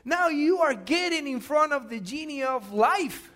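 A man preaching a sermon, moving from quiet reflection to loud, emphatic questions put to his congregation. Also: very high-pitched, lively intonation, measured pace.

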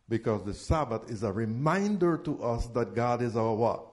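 A man preaching a sermon as pastor, asking the congregation to finish his sentences and rising loud and emphatic on key words. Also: mid-range voice, expressive, moderate pace, hardly any pauses. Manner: call-and-response questions to the congregation.

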